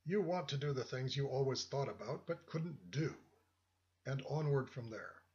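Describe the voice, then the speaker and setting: A man's voice: mid-range voice, expressive, moderate pace, darkish tone, lightly acted. A man voicing a suave, condescending older man with a walking stick, who speaks in a friendly but patronizing way, in a lo-fi recording. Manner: friendly yet patronizing, calls listener "son". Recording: dull lo-fi audio.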